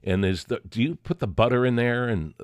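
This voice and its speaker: A man's voice: mid-range voice, brisk, clear, resonant tone, no room sound, studio quality. A man hosting a produce podcast, upbeat and folksy in casual interview chat. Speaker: podcast host.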